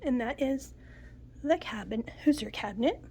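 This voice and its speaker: A woman's voice: sits high, lively intonation, moderate pace, vocal fry, warm tone, a little hiss or hum. A middle-aged woman giving a chatty home tour, nasal and sniffling from a cold. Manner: chatty, homey, lists items one by one. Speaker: home decor vlogger. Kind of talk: casual home tour narration.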